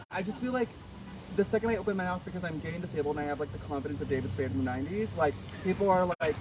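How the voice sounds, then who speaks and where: A man talking as a guest author at a live event, in a chatty, animated way with many fillers and easy laughter. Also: high-pitched, racing. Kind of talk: casual conversation on stage. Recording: noisy live event audio.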